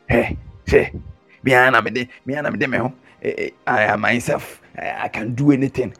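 A man delivers a lively sermon. He mimics boastful talk and chuckles at it, over faint music. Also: mid-range voice, moderate pace, gravelly, breathy edge. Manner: animated, mocking mimicry, frequent chuckles. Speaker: preacher.

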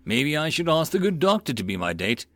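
A man's voice: on the high side, sing-song, a little fast, a bit bright, no echo, voice pushed up. A man doing a cheeky, joking soldier. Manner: cheeky banter.

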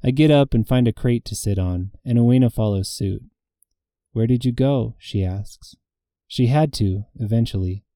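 A man reads a first-person fantasy story in a measured, intimate way, voicing the dialogue as he goes. His voice is very dark and mellow, recorded close and dry with no room sound. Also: medium pitch, no echo. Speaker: audiobook narrator.

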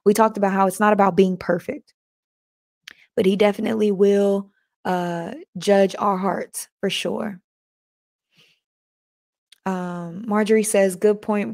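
A woman's voice: medium pitch, little pitch movement, unhurried, gravelly, darkish tone. A woman hosting a casual faith podcast live stream, chatting with listeners and reading their comments aloud.

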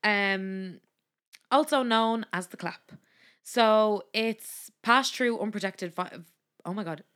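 A woman's voice: medium pitch, slow, fairly bright tone. Woman cohost on a podcast, reads her notes, lots of um, giggles a lot. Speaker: podcast co-host. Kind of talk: casual podcast chat.

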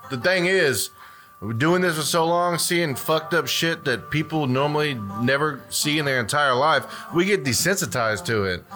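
A man's voice: a little high, moderate pace, bright, forceful tone, soft background music. A man who works in gas service, talking bluntly and matter-of-factly about the job in casual chat, with some swearing. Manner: blunt, matter-of-fact, profane.

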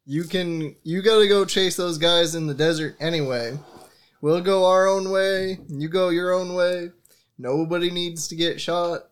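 A man playing in a tabletop game who calmly declares his character's actions. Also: fairly high pitch, moderate pace. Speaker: player.

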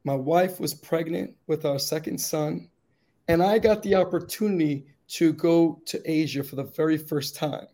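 A man telling his personal story as an interview guest, earnest and grave in the quiet moments, building to rousing encouragement, with a slightly raspy voice. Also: a little high, normal speed. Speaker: guest speaker.

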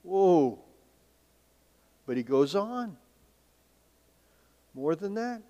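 A male pastor preaching a sermon in a church sanctuary. He asks rhetorical questions and swings between emphatic and hushed delivery. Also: a little high, a little slow, dull audio. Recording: long reverb of a large hall.

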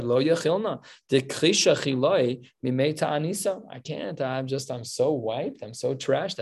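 A man's voice: medium pitch, gravelly, darkish tone, breathy edge. A man teaching a casual Talmud class, explaining passages with wry, humorous asides.

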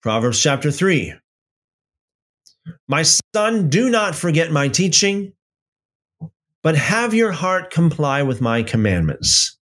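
Man, unhurried Bible study leader, reads verses deliberately and breaks off for casual asides. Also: on the high side, big pitch swings, fairly bright tone. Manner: slow, deliberate reading with conversational asides and restarts. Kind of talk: Bible reading with commentary.

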